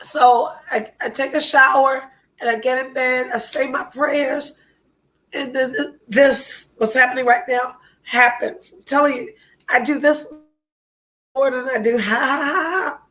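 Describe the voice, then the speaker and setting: A woman with a high voice hosts a podcast in a frank, emotionally open monologue. She swears freely and sounds stuffy-nosed from a cold. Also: steady tone, unhurried, fairly bright tone, rough recording. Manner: blunt, profane, emotionally open. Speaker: podcast host.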